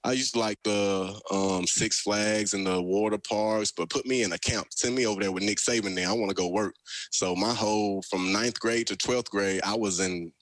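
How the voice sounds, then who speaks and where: Guesting on a casual radio interview, a young Alabama-born pro football player with a Southern accent spins folksy, animated stories. He talks at a moderate pace in a lowish voice, with no room sound in the recording.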